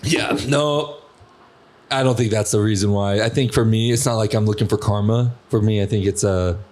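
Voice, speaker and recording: A man's voice: on the low side, normal speed, darkish tone. A young man hosting a podcast, telling stories in a rambling, profane way full of fillers. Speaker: podcast host. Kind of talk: casual podcast chat.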